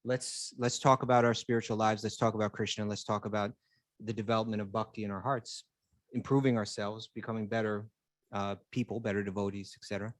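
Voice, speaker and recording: A man's voice: lowish voice, little pitch movement, a little fast, no room sound. A man co-hosting a casual spiritual chat, earnestly explaining his ideas and building his points step by step. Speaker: co-host.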